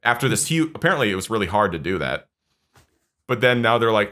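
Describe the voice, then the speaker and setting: A man's voice: on the low side, very animated, fast talker, sharp tone. A man co-hosting a casual podcast, ranting animatedly and mimicking characters in mocking voices. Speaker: podcast co-host.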